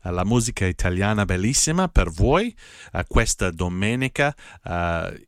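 Low-ish guy teaching a language lesson, slow patient repeats, very dry sound. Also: expressive, no room sound. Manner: patient, spells words out, repeats slowly. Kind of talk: casual spoken language lesson.

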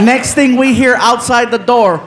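High-voiced man telling a stand-up story. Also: normal speed. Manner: animated, laughing through lines, acting out voices. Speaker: stand-up comedian. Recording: loud crowd laughter in a noisy venue.

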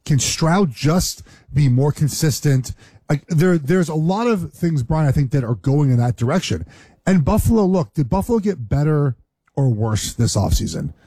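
A male analyst talks through a football matchup in a rambling way. His voice is mellow and husky, and the recording sounds dry. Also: a little high, no room sound. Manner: rambling, many "right?" tags. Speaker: former player turned analyst. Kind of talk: casual sports analysis.

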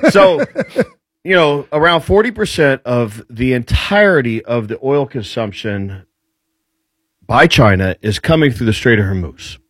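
A man's voice: mid-range voice, animated, measured pace, a bit bright, no room sound. A man appearing as a guest commentator, explaining military and economic points in casual talk and building them with rhetorical questions.

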